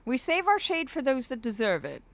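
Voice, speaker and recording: A woman's voice: sits high, huge pitch swings, moderate pace, a bit bright. A woman chatting casually with her livestream viewers, doting and theatrical, calling them darling.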